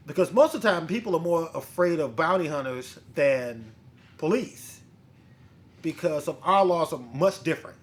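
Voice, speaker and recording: Male host with a fairly high voice, a casual, profane storyteller who quotes the people in his story. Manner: blunt, profane, animated retelling with quoted dialogue. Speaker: bounty hunter and podcast host.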